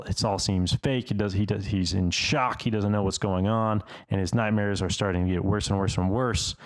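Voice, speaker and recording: Laid-back low-voiced man summarizing a movie. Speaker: podcast co-host. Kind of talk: casual movie recap chat.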